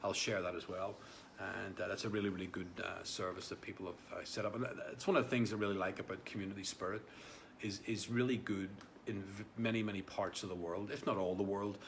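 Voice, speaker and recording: A man's voice: low voice, steady tone, brisk, gravelly, slight background noise. A man hosting a casual live stream, reading out viewer comments in a rambling way, with many fillers and repeated words. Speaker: livestream host.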